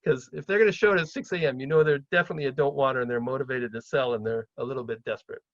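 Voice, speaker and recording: A middle-aged man from Canada giving a chatty seminar talk on property deals, often acting out phone calls in a livelier, higher voice. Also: racing, no echo, dull audio. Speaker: real estate investor speaking at a seminar.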